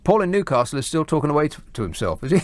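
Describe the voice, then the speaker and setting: A man's voice: fairly high pitch, very animated, racing, darkish tone, no room sound. A man hosting a late-night radio phone-in, talking with dry sarcasm. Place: radio studio. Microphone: studio mic.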